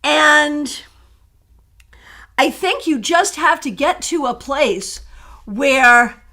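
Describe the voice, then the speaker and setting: A woman with a fairly high voice reads tarot for her viewers in a relaxed live-stream chat. She is animated and chatty and laughs easily between her answers. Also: extremely slow.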